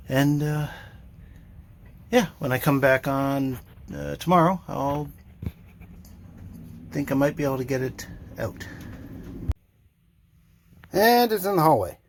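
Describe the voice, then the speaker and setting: Slow, with long pauses, lively intonation, and background noise, a slightly high male voice belongs to an older man refitting his boat's motor in a sailboat cabin. He narrates his own work casually, drily mocking himself and using lots of fillers.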